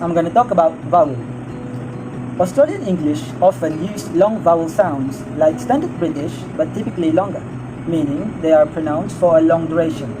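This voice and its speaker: A man with a fairly high voice reads his section of a class presentation in a brisk, matter-of-fact way. Clear music runs behind him. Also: rough recording. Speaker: student presenter.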